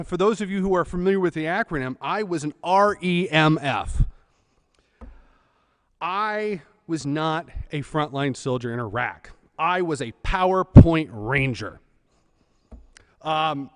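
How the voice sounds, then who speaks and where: A man's voice: fairly high pitch, in a large hall. A man in his thirties from California, telling a humorous, self-deprecating personal story at a church service.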